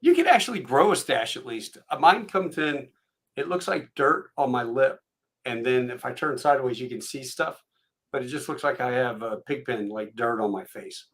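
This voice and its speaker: A man's voice: mid-range voice, animated, normal speed, fairly bright tone. Enthusiastic male podcast host. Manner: enthusiastic, chatty, laughs easily. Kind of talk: casual chat.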